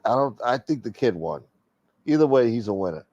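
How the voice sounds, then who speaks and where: A man's voice: mid-range voice, big pitch swings, a little fast, darkish tone, no room sound, muffled recording. A man hosting a casual livestream, reading viewer comments and rambling with plenty of profanity. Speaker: livestream host reading chat. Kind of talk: casual late-night stream chat.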